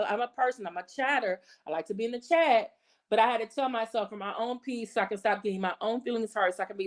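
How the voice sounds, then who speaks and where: A woman hosting her own channel, talking in an emphatic, conversational way and often checking in with "okay" and "right". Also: mid-range voice. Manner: emphatic, repeats "okay" and "right", acts out quoted voices. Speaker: channel host. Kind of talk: casual commentary monologue.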